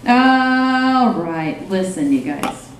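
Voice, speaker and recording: Woman comic, lively pitch, rambling self-deprecating stand-up, echoey cafe room. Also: extremely slow, a little hiss or hum. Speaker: stand-up comedian. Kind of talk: stand-up comedy set. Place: small cafe stage, live audience. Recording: roomy live cafe recording.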